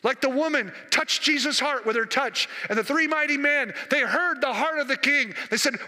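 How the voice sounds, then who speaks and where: A man's voice: extremely high pitch, normal speed, hardly any pauses. A man in his sixties, a senior pastor preaching a sermon in a church, telling stories with impassioned, rising delivery. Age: 60s. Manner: impassioned, storytelling, rising to near-shouted peaks. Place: church sanctuary. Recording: long reverb of a church hall.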